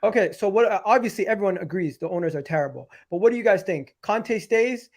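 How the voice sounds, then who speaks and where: A man hosting a football panel debate, briskly steering the discussion and inviting other opinions. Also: high voice. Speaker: host of a football talk show.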